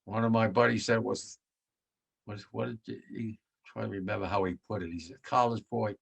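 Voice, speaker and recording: Gravelly man in his nineties, blunt testimony. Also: fairly even intonation, brisk. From United States. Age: 90s. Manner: blunt and vivid, voice sinks low and quiet when moved. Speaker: World War II veteran giving testimony. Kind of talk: personal war testimony.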